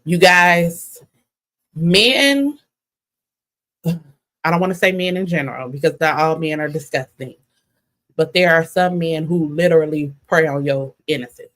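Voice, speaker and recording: Low-voiced woman hosting candid commentary. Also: unhurried, pauses often. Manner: candid and animated, laughing, reading texts aloud and reacting. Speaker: commentary show host. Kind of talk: casual commentary on social media drama.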